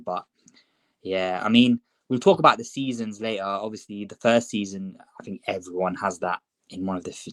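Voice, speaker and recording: Young man, low voice, dry close sound, casual podcast chat. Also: dry recording, rough recording. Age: young adult. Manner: relaxed, chatty, many fillers. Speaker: podcast co-host.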